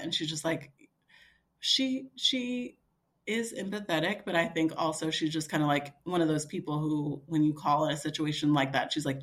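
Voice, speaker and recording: A woman's voice: lowish voice, normal speed. A woman in her thirties telling a story casually as a podcast guest, acting out what others said, with many fillers. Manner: animated, quoting others in dialogue, frequent fillers.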